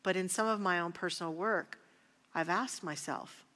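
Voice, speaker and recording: A woman's voice: lowish voice, bright, forceful tone. Earnest woman teaching in a reverberant hall. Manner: earnest, personal, unhurried. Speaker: minister teaching a prosperity class. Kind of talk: spiritual teaching talk. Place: church sanctuary.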